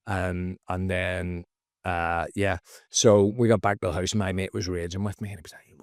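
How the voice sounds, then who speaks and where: A man, a comedian guest on a podcast, telling a story casually and jumping into high, loud voices for the people he quotes. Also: fairly even intonation, normal speed, no room sound, studio quality. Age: adult, former teacher.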